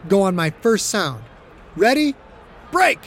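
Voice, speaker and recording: A man's voice: sits high, expressive, unhurried, a little hiss or hum, pitched above the performer's own voice. A man voicing a fierce, hot-headed young male quarterback who barks curt orders, in an audiobook. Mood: commanding. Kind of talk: audiobook character voice.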